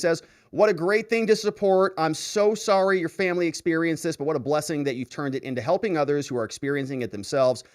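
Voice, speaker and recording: A man hosting a livestream, casually reading viewer comments aloud and reacting with frequent laughter. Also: fairly high pitch. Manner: animated, laughs often, reads comments aloud. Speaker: show host reading live chat.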